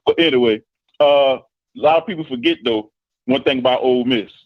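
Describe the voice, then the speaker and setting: A football coach calls in to a live show, ribbing the host before laying out his point at length in a casual chat. His medium-pitched voice is fairly quick, and the audio has its highs cut off.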